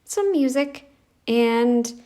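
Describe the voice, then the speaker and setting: A woman's voice: a little high, expressive, very slow, dark tone. A woman giving sarcastic reaction commentary in a blunt, mocking, scornful way, recorded on a phone mic.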